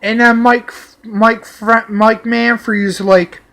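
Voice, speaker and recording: High-voiced man on a slow, profane rant. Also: little pitch movement, sharp tone. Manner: profane, heated, drawn-out delivery. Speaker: vlogger. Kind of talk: angry personal rant.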